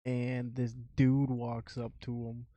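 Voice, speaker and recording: A man's voice: medium pitch, completely flat delivery, slow, warm tone, no room sound. A young man co-hosting a podcast, telling stories in a laid-back way and laughing as he goes. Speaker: podcast co-host. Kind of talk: casual storytelling.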